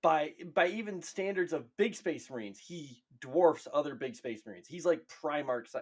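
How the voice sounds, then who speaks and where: A man co-hosting a casual podcast, excitable and profane, stretching words for emphasis. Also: on the high side, normal speed, husky. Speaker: podcast co-host. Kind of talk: casual chat.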